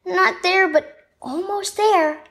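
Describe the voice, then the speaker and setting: A woman voicing an earnest, tender young boy in a children's story, with an eager, pitched-up manner. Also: steady tone, slow pace, a bit bright, heavily acted.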